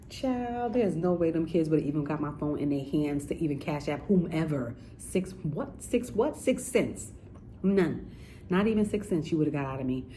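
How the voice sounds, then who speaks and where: A woman's voice: deep voice, expressive, normal speed, mellow, slight background noise, rough recording. A woman giving casual, sassy commentary straight to her viewers. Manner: chatty, sassy, addresses viewers directly. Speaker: commentary vlogger.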